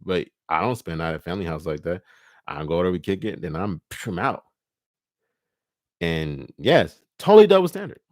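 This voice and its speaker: A man hosting a live stream, talking casually and profanely, animated and laughing often as he acts out scenes. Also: low voice, normal speed, no echo, clean studio sound. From California.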